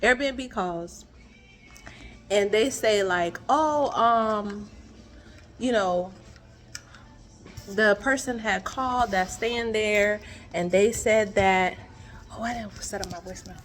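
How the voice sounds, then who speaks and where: A woman chatting casually to her viewers about a story, animated and laughing often, recorded in her car. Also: medium pitch, takes it slowly, long pauses, soft background music, low-quality recording. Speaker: vlogger telling a story. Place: in her car, then outside by a garage.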